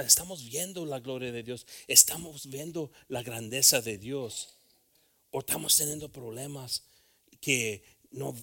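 A man preaching a bilingual sermon, swinging from hushed asides to loud calls and repeating phrases. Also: medium pitch, breathy edge.

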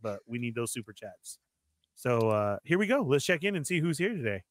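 A man's voice: medium pitch, fairly quick, dry recording. A man hosting a live toy collector stream, welcoming viewers by name and laughing along with his co-hosts. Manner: energetic, laughs a lot. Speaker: host.

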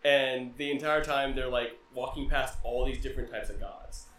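A man's voice: medium pitch, fairly even intonation, normal speed, a bit bright. A man hosting a casual film-review chat, retelling scenes and acting out characters' lines. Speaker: podcast host reviewing a film. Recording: roomy echo.

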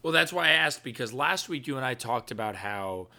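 Bright-voiced joking man from New York. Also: mid-range voice, lively intonation, a little fast. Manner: joking, asks lots of questions. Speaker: podcast co-host. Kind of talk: casual chat.

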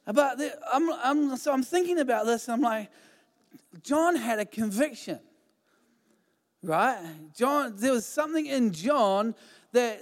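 A man pastor giving a sermon in a chatty, informal way, with many fillers and restarts. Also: sits high. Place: church hall. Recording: hall reverb.

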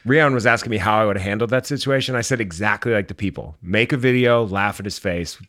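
A man co-hosting a podcast in casual chat, with a deadpan, darkly humorous manner. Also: fairly low pitch, fast talker. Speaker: podcast co-host.

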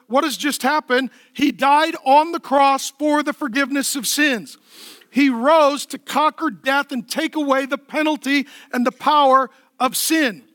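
A man's voice: very high voice, pushed and bright, no echo, clean studio sound. A man preaching a sermon as pastor, emphatic and conversational, asking the crowd questions and answering them himself.

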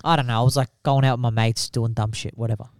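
A man's voice: medium pitch, fairly even intonation, fast, clear, resonant tone. A young man in casual podcast chat, telling a rambling story, swearing and laughing at his own tale.

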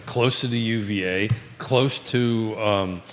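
A man's voice: lowish voice, slow, long reverb tail, faint music behind. A man with a Virginia accent hosting a live real estate talk show, folksy and repetitive, calling himself Batman. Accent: American Virginia. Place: local live broadcast studio.

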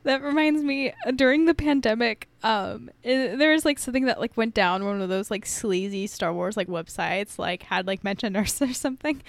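A woman co-hosting a podcast, talking casually and warmly, with plenty of swearing and filler words. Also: on the high side, normal speed, dry recording. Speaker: podcast co-host.

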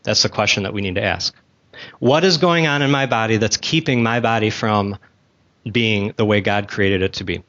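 A man's voice: on the low side, normal speed, fairly bright tone, lo-fi sound. A man teaching a Bible class in a conversational way, asking the class questions and making asides, talking with gum in his mouth.

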